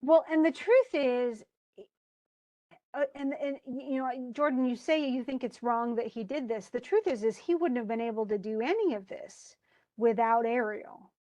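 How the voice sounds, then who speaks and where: A woman's voice: fairly high pitch, dark tone, no echo, muffled recording. Chatty woman teacher, dry close sound. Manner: casual, chatty explaining with quick paraphrases. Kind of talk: classroom lesson on a play.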